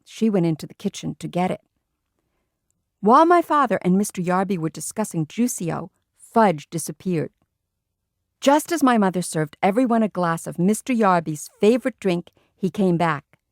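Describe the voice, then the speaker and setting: A woman narrating a children's book in the first person, telling it in a lively way. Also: lowish voice, normal speed, no echo, studio quality. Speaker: audiobook reader.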